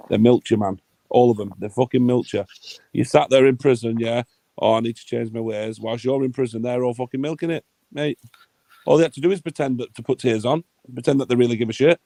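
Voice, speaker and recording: A man's voice: medium pitch, mellow, dry recording. A man hosting a livestream, ranting in a heated, sweary, blunt way. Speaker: livestream host.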